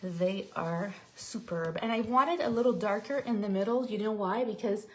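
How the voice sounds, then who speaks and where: A woman's voice: medium pitch, normal speed, echoey room. Chatty woman demonstrating a craft. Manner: chatty, explains steps while working, reads viewer comments. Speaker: card-making demonstrator. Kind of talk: live craft tutorial.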